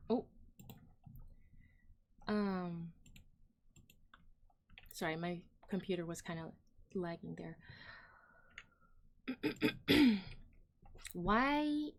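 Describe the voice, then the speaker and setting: A woman runs a laid-back opinion livestream in a lowish, slow voice broken by long pauses, with slight background noise. Her talk is rambling and full of "um" and "like," addressed right to her audience, often trailing away unfinished.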